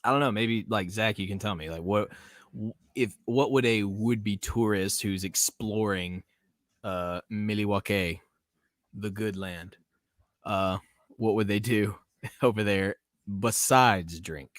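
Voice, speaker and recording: A man's voice: on the low side, slow, no room sound, studio quality. A man hosting a casual livestream podcast, rambling and chuckling as he talks to his chat. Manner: rambling, chuckling, self-interrupting. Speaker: podcast host.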